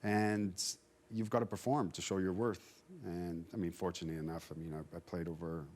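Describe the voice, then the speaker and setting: A man in his forties, a former player on a sports panel, telling a lively anecdote and acting out the voices of the people in it. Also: deep voice, brisk, slight background noise. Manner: animated anecdote teller, acts out dialogue. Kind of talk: casual storytelling on a sports panel.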